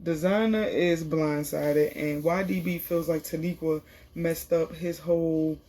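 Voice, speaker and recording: Slangy woman recapping reality TV, husky. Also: sits low, fairly even intonation, measured pace, mellow. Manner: slangy, chatty retelling with frequent fillers. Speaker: TV show reviewer.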